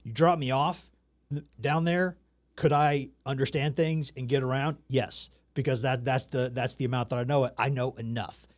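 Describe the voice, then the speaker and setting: A man's voice: mid-range voice, steady tone, normal speed. A man from the American South hosting a casual chat, talking in a loose, rambling, self-mocking way. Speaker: talk show host.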